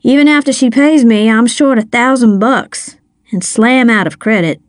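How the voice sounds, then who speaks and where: A woman's voice: fairly high pitch, moderate pace, dry recording, clean studio sound, close to an everyday voice. A woman voicing a weary, easygoing young man who races cars, in an audiobook reading. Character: tired young man, easygoing race car driver.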